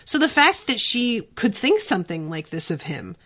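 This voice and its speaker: A woman hosting a podcast, recapping a TV episode in casual chat, animated and quick to swear. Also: fairly high pitch. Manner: animated, swears freely, lots of "like" fillers. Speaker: podcast host.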